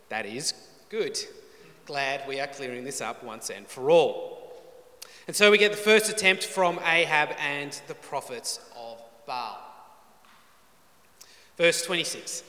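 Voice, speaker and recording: A man's voice: a little high, pushed and bright. A man preaching through a Bible passage, reading verses dramatically and adding wry, joking asides. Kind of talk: expository sermon. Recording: roomy echoey hall.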